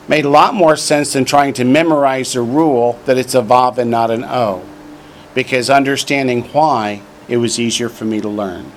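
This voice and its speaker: A man with a mid-range voice teaches a Hebrew class, drawing out word forms slowly so students can repeat them, and he slips in joking asides. The recording carries a little hiss or hum.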